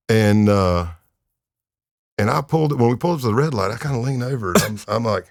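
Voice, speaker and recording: Man in his 50s, gravelly and low, dry close sound; relaxed, wry podcast storyteller. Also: a little fast, dry recording. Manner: laid-back, wry, laughs while telling stories. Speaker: guest, retired undercover agent. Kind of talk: anecdotal storytelling in a podcast interview.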